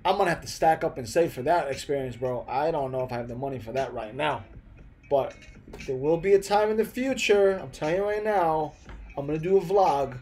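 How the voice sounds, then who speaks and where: His voice here is a little high, expressive, a bit fast and slightly mellow, with slight background noise. The young man, from the Philippines but raised in the US, speaks with an American accent as he casually responds to live-stream viewers, full of "bro," "man" and frequent restarts.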